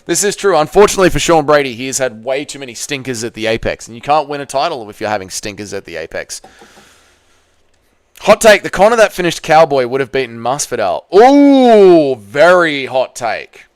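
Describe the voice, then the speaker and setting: A man's voice: medium pitch, very animated, quick pace, clear, resonant tone, dry recording, studio quality. A man hosting a casual livestream, reading out viewer comments and answering in a blunt, sarcastic way while swearing freely. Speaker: livestream host.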